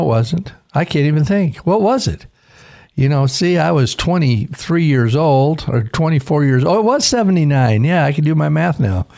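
A man's voice: mid-range voice, vocal fry, a little mellow. A man in his sixties from Idaho, a pastor hosting a radio devotional, talking in a folksy, rambling way that corrects itself as he goes. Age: 60s.

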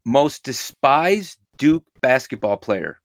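A man's voice: mid-range voice, sing-song, takes it slowly, dry recording, studio quality. A middle-aged man hosting a podcast, telling stories in an upbeat, casual way. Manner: upbeat, storytelling. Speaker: podcast host.

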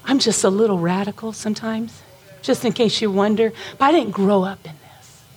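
A woman preaching a sermon, impassioned, at times rising to shouts with a breaking voice. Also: medium pitch, moderate pace.

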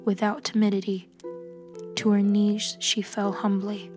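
A woman reading a storybook tale aloud in a hushed, often whispered way, with music playing behind. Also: mid-range voice, flat delivery, measured pace. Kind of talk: scripted storybook narration.

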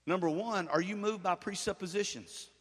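A man's voice: high voice, normal speed, big-room sound. A man pastor preaching a sermon to his church, with call-and-response and fervent emphasis. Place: church sanctuary.

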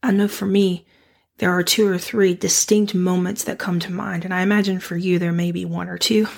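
A young woman hosting a devotional podcast, earnest and reflective, her voice slightly raspy and nasal as she recovers from the flu. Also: on the low side, flat delivery, normal speed. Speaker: podcast host.

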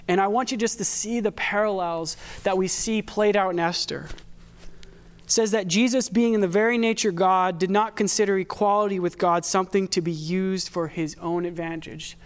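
A man preaching a sermon as a pastor, talking in a conversational way and telling personal stories. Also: high-pitched.

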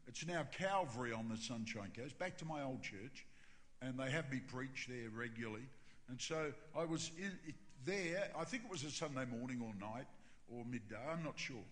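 A man, a pastor telling a self-mocking funny story in a sermon, with animated delivery. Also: fairly high pitch. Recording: reverberant hall with faint ambience.

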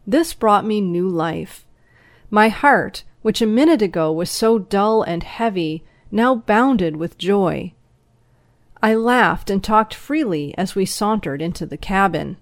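A woman reading an audiobook chapter aloud in a steady, measured storytelling voice. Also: on the low side, no room sound. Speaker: audiobook narrator. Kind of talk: scripted narration.

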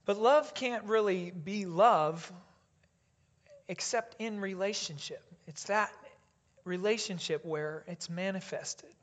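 Slow, deliberate preacher. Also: medium pitch. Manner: deliberate, dropping to a hush on key phrases; leads the congregation in reading aloud. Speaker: pastor. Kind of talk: sermon.

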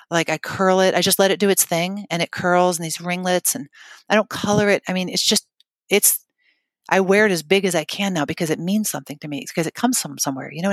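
A middle-aged woman with a low voice shares a deeply personal story in an interview. She talks in an emotional, halting way, restarting her sentences and leaning on fillers. The sound is dry and close, with no room echo. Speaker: guest telling her story.

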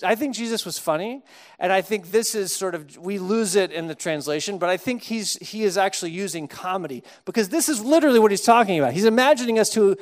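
A man from Texas preaching a sermon, casual and humorous, acting out little dialogues with comic voices. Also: high voice. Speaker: pastor.

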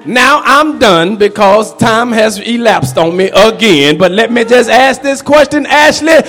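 A man preaching a sermon as pastor, shouting and calling out to the congregation. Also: very high-pitched, animated, unhurried, soft background music. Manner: shouting, preacherly call-and-response.

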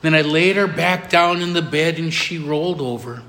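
A middle-aged man, a pastor preaching a sermon with emphatic repetition and soft drops for tender moments. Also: fairly high pitch, moderate pace. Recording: long hall reverb.

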